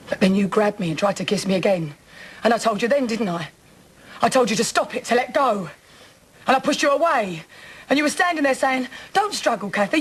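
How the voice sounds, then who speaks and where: A woman's voice: mid-range voice, slight background noise, close to an everyday voice, poor audio. An actress playing a distraught woman in her thirties confronting the man who attacked her, bitter and sarcastic in a TV drama. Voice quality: bitter, sarcastic, then breaking down. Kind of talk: television soap drama acting.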